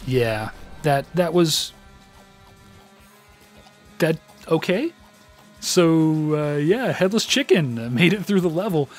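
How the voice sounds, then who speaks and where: A man's voice: on the high side, expressive, slow, pauses often, soft background music. Self-deprecating man commenting on gameplay. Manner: self-deprecating, rambling with many fillers. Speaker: let's play host.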